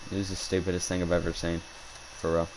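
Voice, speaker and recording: Young man rambling, lowish voice. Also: completely flat delivery, fast talker, noisy background. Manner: rambling, indignant, restarts a lot. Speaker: hunting vlogger. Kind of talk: casual storytelling. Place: outdoors while hunting.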